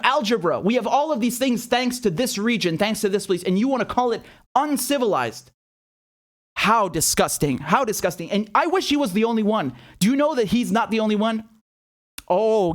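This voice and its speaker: A man with a high voice delivers a heated, sarcastic commentary, swearing freely and piling on outrage. He talks like a political commentator reacting to clips for his own show. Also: animated, normal speed. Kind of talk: indignant video commentary.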